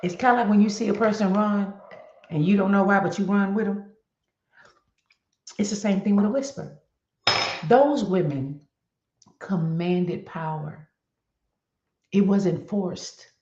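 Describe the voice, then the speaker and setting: A woman hosting a casual motivational vlog, talking to her viewers in an animated, chatty way. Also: medium pitch, moderate pace, long pauses, a little hiss or hum. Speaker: host. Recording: echoey room with dull lo-fi sound.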